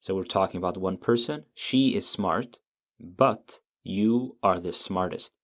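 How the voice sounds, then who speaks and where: In this language lesson, the teacher is a man whose voice sits fairly low. He takes his time, explains with patience, and slowly repeats every example word so learners can follow.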